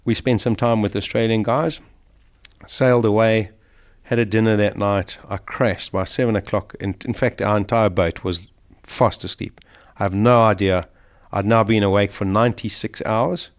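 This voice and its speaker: A man's voice: fairly low pitch, steady tone, moderate pace. A middle-aged man, a guest in an interview, vividly and emotionally retelling a survival ordeal. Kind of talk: storytelling in an interview.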